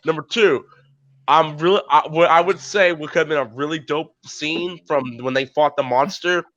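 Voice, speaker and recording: Male co-host, lively recap voice, slightly raised pitch, muffled lo-fi sound. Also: normal speed. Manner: animated, acts out scenes. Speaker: podcast co-host. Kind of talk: casual podcast chat. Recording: muffled lo-fi podcast audio.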